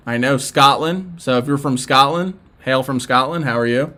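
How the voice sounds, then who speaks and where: A man's voice: medium pitch, moderate pace, pushed and bright. Laid-back Philly-accented young man. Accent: Philadelphia. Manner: laid-back, rambling, with frequent fillers and restarts. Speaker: livestream host. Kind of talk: casual live-stream chat reacting to viewer messages.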